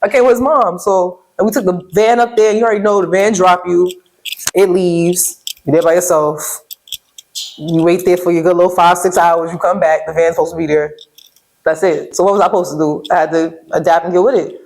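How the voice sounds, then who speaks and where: Young Brooklyn woman, guest on a casual talk show, quick lively storytelling, New York accent. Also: lowish voice, rough recording. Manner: animated storyteller, acts out quotes, laughs often.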